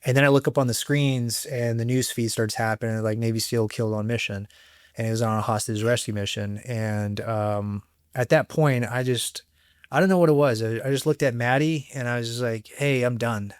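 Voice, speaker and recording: Brief: middle-aged male guest, animated storyteller, curses freely, dry close studio sound. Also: mid-range voice, normal speed, clean tone, no room sound. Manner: animated, swears freely, acts out quoted voices. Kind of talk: candid conversational storytelling.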